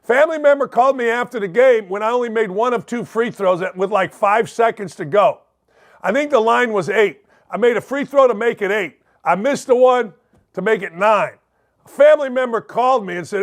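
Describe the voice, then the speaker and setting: High-voiced joking sports talk host. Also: male voice, a little fast. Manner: rambling, joking, digressive. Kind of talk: casual sports talk monologue.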